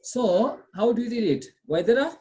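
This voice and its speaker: A woman's voice: a little high, expressive, moderate pace, mellow. A woman teaching French pronunciation over a video call, patiently repeating and checking that students follow. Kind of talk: online class teaching.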